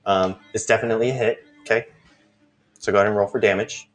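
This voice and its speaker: A man's voice: fairly low pitch, steady tone, fast, faint music behind. A man running a tabletop game as game master, describing the action in loose, hesitant phrases.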